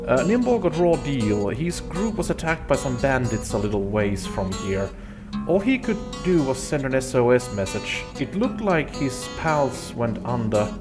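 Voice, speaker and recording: Dude reading as a tired camp leader, flat plain delivery, mid voice, bit of music behind. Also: male voice, mid-range voice, measured pace. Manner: flat reading of game dialogue. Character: weary male camp leader, reluctant.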